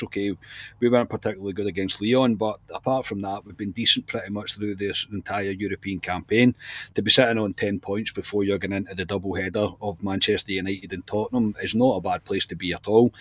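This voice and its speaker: Chatty man, low voice, dry sound. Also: fairly bright tone, no room sound. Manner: chatty, says mate often. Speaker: podcast regular. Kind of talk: casual football chat.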